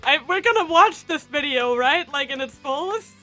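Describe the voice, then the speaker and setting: A woman's voice: high voice, expressive, normal speed, music in the background. A woman streamer giving gushing live-stream reaction commentary, laughing often between her remarks.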